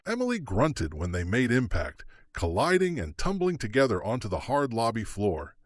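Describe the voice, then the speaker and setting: A man's voice: mid-range voice, no echo, studio quality. A man narrating an audiobook thriller dramatically, his pacing shifting with the action. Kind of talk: scripted narration.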